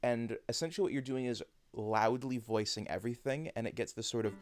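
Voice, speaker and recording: A man's voice: mid-range voice, a little fast, no room sound. A man streaming a video game, chatting casually and explaining things with lots of fillers. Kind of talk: casual gameplay chat.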